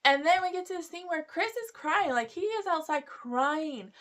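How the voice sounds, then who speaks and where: A woman's voice: very high-pitched, expressive, moderate pace, a bit bright. A woman giving a casual, gossipy recap of a reality show, chatting freely and acting out what people said. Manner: chatty, gossipy, acts out quotes. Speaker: recap vlogger.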